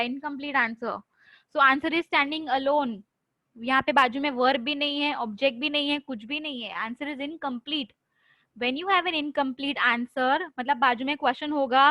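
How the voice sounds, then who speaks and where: A woman teaches French over a video call, talking fast in a high, bright voice and firing questions at her students. She switches between English and Hindi as she drills them. Her voice is close and dry, with no room sound. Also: no room sound, rough recording. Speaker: French tutor. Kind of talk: online class teaching, mixing English and Hindi.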